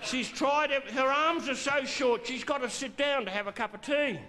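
A middle-aged man telling a crude, drawn-out stand-up story on a theatre stage, with theatrical pauses. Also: extremely high pitch, noisy background. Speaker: stand-up comedian. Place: theatre stage before a laughing audience.

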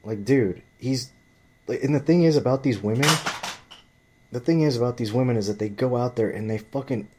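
A man's voice: medium pitch, a little fast, background noise. A man telling a story in a ranting vlog monologue, blunt and profane, often rambling and restarting his sentences. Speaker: vlogger.

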